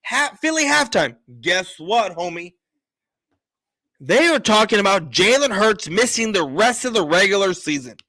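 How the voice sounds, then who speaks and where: A sports podcast host, a man who has been drinking a little, delivers heated sports opinions loudly and emphatically, insisting on his points repetitively. His bright, high-pitched voice has a sing-song quality and a slightly slow pace.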